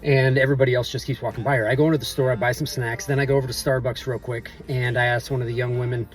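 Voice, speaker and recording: Over soft background music, a middle-aged man vlogs to camera, rambling through a story in an offhand way stuffed with loose filler phrases. His mid-range voice stays level in tone but races along, and he sounds a bit distant from the mic.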